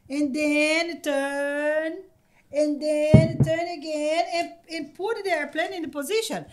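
Woman, high voice, excitable, stumbling over words, podcast guest storytelling. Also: a little hiss or hum. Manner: excited, laughing, halting with many repeated words. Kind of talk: casual storytelling. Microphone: podcast microphone.

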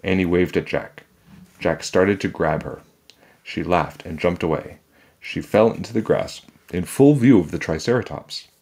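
A man's very deep, husky voice carries a children's chapter book read aloud. He narrates calmly and steadily, never rushing.

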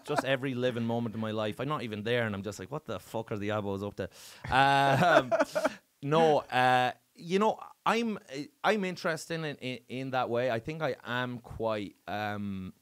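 An Irish man, a stand-up comedian, chatting casually as a podcast guest and telling lively, profane stories. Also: mid-range voice, moderate pace, smooth. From Ireland. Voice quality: lively, animated storyteller, swears freely. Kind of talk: casual chat, comic storytelling.

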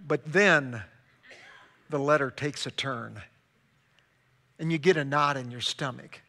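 Slow, gravelly-voiced preacher man. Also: medium pitch. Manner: dramatic preaching with wide swings from loud to hushed. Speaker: pastor. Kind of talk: sermon.

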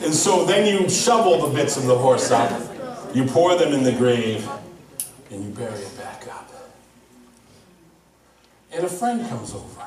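A male pastor preaching a sermon, telling a story with lively, laughing delivery. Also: medium pitch. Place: church. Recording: echoey hall from far off.

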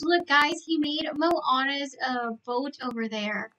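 A woman live-streaming a game, chatting to viewers in an excitable, gushing way full of gasps and exclamations. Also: sits high, slow, hardly any pauses, far from the mic, rough recording.

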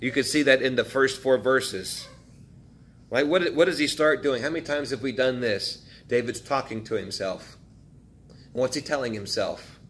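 A man's voice: medium pitch, normal speed, fairly bright tone, a little hiss or hum. A male pastor preaching a sermon in a conversational way, asking his listeners questions and acting out quotes from the text.

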